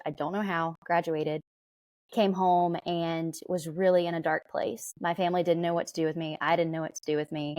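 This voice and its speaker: A young woman with a Southern twang tells her own story candidly and conversationally. Her voice sits a little low for a woman. The sound is dry and close, with no room echo. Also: darkish tone. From southern Alabama, USA. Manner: candid storytelling, light laughs. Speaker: podcast guest. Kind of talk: conversational interview.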